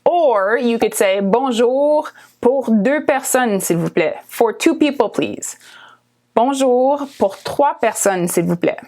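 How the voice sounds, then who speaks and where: A woman's voice: on the high side, lively intonation, a little mellow. Woman with a Canadian accent teaching. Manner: slow, careful repetition of words, frequently asking "okay?". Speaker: French teacher. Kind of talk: language lesson.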